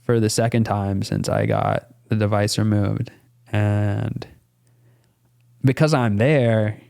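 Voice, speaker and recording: A man's voice: fairly low pitch, lively intonation, takes it slowly, gravelly, warm tone, smooth. A young man, a podcast guest, casually telling a personal story in a rambling, earnest way with lots of fillers and some swearing. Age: young adult.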